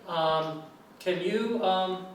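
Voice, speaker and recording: A man's voice: sits high, very slow. American man lecturing in an echoey room. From United States. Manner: conversational, asks students questions. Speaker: English lecturer. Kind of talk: classroom discussion. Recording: echoey classroom from far off, faint noise.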